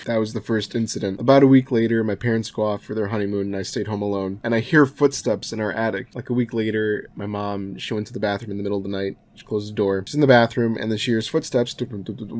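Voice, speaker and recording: A man's voice: fairly low pitch, steady tone, fast, hardly any pauses, a little mellow. A young man co-hosting a comedy podcast, telling a story in casual chat and acting out quoted voices. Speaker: podcast co-host.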